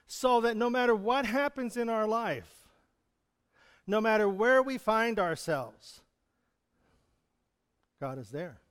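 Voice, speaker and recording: A man's voice: high voice, expressive, slow, long pauses, clean tone, in a large hall. A male pastor preaching a sermon in a conversational manner, chuckling often. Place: church hall.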